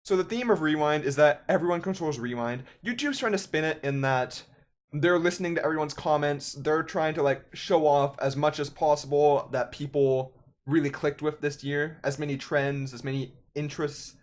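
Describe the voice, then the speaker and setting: A man's voice: fairly high pitch, moderate pace. A young man in his twenties, a gaming YouTuber, ranting in casual, sarcastic commentary.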